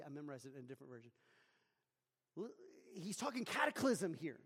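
A man delivers a sermon in a high voice, dropping low and soft for scripture readings, then rising into loud, emphatic preaching. His voice carries a long reverb, as in a large church hall. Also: very animated, brisk, pauses often, breathy edge. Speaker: pastor.

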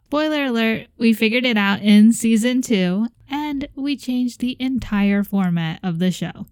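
A woman co-hosting a podcast in casual chat, animated and quick to giggle. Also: fairly high pitch, clean tone, dry recording. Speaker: podcast co-host.

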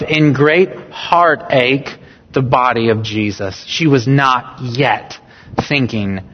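A male pastor preaching slowly and earnestly to his congregation, returning to phrases to stress them anew. His voice sits high, and the recording is muffled, with a long reverb that says he is in a large church sanctuary. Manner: earnest, rising in emphasis, rereads phrases with different stress. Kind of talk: sermon. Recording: dull sound with long hall reverb.

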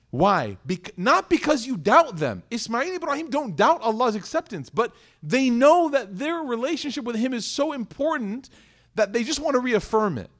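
A man's voice: sits high, a bit bright. A man in his thirties giving a conversational sermon as an Islamic teacher, asking the audience questions and acting out little dialogues in other voices.

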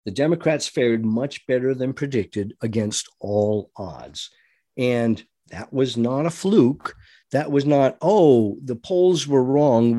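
A man's voice: medium pitch, warm tone, dry recording, clean studio sound. A man delivering an impassioned political monologue, preachy, with rhetorical questions and mocking voices. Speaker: political commentator.

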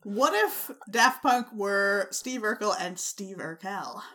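A podcast co-host in a loose comedy chat, jumping in with short, emphatic lines. The voice sounds bright and crisp. It sits at a middle pitch. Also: lively intonation. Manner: quick emphatic interjections.

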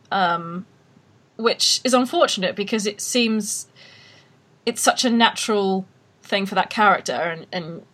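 A woman's voice: mid-range voice, unhurried, pauses often, a bit bright. A woman with an Australian accent hosting a podcast in casual chat, blunt and opinionated, often laughing. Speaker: podcast host.

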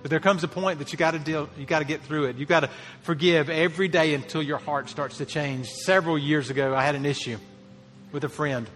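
A man's voice: fairly high pitch, steady tone, brisk, a bit bright, long reverb tail, soft background music. A man preaching a sermon as a pastor, earnest, lifting his voice to stress key phrases.

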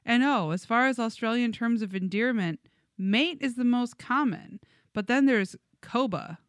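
A woman's voice: a little high, normal speed, dry recording, clean studio sound. A woman co-hosting a music podcast, reading listener comments aloud with frequent giggles. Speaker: podcast co-host.

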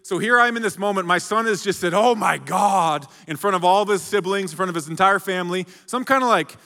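Preaching fast and with energy, a high-voiced, bright-sounding male pastor jokes with his congregation and calls out to them during his sermon. His voice echoes with the long hall reverb of a big church auditorium.

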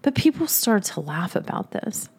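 A woman telling a funny personal story in a lively way, often breaking into laughter as she talks. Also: medium pitch, moderate pace, slightly rough.

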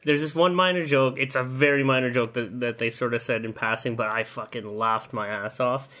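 A man's voice: mid-range voice, steady tone, brisk, bright, forceful tone. A man co-hosting a podcast, telling a story in a loose, rambling way. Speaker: podcast co-host. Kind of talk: casual chat.

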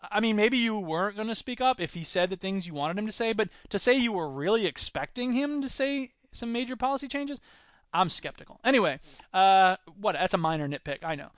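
A man's voice: sits high, expressive, a little fast, a bit bright, no room sound. A man hosting a solo podcast, commenting on news with sarcastic, rambling asides. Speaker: podcast host.

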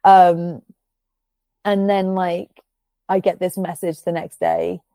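A woman podcast host with a lowish, gravelly voice and a mellow, dark tone, recorded dry and close. She talks in a casual, rambling way, packed with fillers and the odd swear word. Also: little pitch movement, slow pace, dry recording. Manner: chatty storytelling, filler-heavy, swears freely. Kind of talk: casual chat.

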